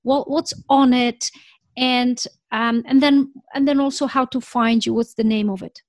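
A woman's voice: a little high, fairly even intonation, unhurried, dry recording, clean studio sound. A woman hosting an interview, asking eager questions and affirming her guest. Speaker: host.

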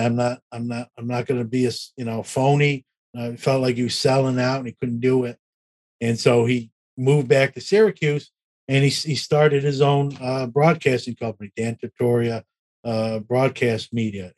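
A middle-aged man in relaxed conversation, spinning a long story with plenty of fillers and restarts. His pitch sits right in the middle for a man, and he drops lower and softer when he acts out what others said. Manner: rambling, self-deprecating, with many restarts and fillers. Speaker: podcast host telling his story as a guest.

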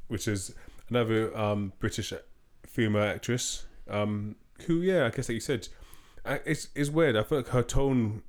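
A man's voice: lowish voice, moderate pace, hardly any pauses. A man co-hosting a podcast, chatting casually and rambling with fillers and restarts. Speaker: podcast co-host. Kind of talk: casual chat.

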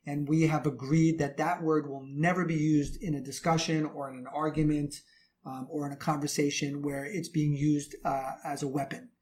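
Male relationship coach, slightly higher voice, earnest and preachy, repeats himself for emphasis. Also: level tone, normal speed, darkish tone. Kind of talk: advice talk to men.

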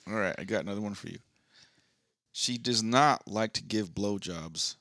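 A man co-hosting a casual podcast, talking bluntly and crudely in a relaxed way. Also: fairly low pitch, moderate pace, no room sound, studio quality. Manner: blunt, crude, laid-back. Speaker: podcast co-host.

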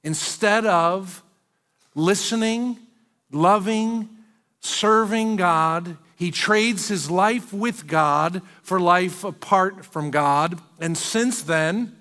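A man preaching a sermon as pastor, animated and acting out the quoted lines of the figures in the story. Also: high voice, drawn-out words, in a large hall. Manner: animated, acts out quoted speech.

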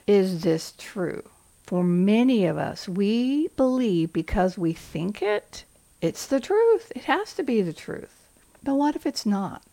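Gravelly-voiced woman coaching. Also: medium pitch, mellow. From Southern US. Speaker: podcast host for school leaders. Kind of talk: motivational podcast talk.

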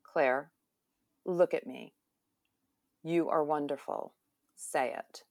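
A woman's voice: low voice, slow pace, vocal fry, no echo, studio quality, heavily acted. A woman reading aloud the lines of a commanding adult male lover in a romance novel, firm and insistent.

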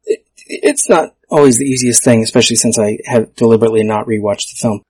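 A man's voice: medium pitch, quick pace, darkish tone, breathy edge, no room sound. A man hosting his own podcast solo, talking casually and tripping over his own words with self-mocking humor. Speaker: podcast host.

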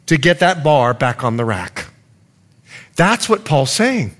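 High, lively-voiced male pastor. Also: slow pace. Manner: animated storytelling with acted-out quotes. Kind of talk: sermon.

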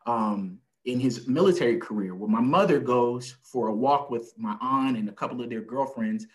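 Man telling a lively family story. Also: mid-range voice, normal speed, poor audio. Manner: animated storyteller who acts out family members' lines; frequent "you know" fillers. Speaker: podcast guest, family caregiver. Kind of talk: conversational storytelling. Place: lives in El Paso, Texas.

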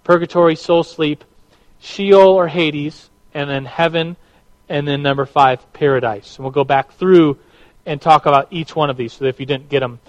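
A man's voice: fairly high pitch, fairly even intonation, moderate pace, highs cut off. A man teaching a church class to a live room, conversational and prone to repeating his words.

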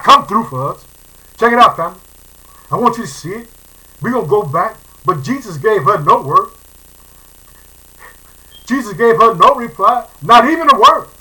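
Fervent high-voiced bright male preacher. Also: rough recording. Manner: fervent, repeats phrases, calls listeners family. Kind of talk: sermon reading and preaching.

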